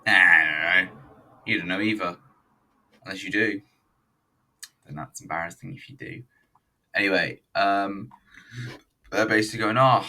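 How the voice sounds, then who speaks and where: A rambling, sweary man talks his way through a wrestling show in a loose, jokey commentary. His voice sits a little low but sounds bright and forward. He is a bit distant from the mic, with a faint hiss underneath. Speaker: wrestling reviewer. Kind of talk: casual video commentary.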